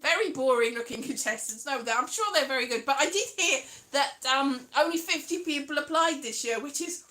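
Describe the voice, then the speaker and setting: A woman's voice: sits high, a little fast, hardly any pauses, pushed and bright. A British woman hosting a casual live stream, chatting playfully and drifting into sing-song. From United Kingdom.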